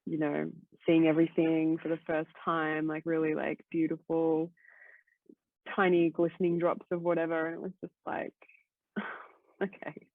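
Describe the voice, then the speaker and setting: A woman's voice: low-pitched, completely flat delivery, a little slow, pauses often, no echo. A woman guest chatting casually on a podcast, rambling with lots of "like" fillers and casual swearing. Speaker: guest co-host. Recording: tinny phone-like line, dry.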